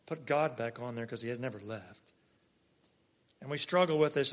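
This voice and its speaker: A pastor delivering a conversational sermon, swinging between loud emphasis and soft, quiet asides. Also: male voice, medium pitch, normal speed. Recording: long hall reverb.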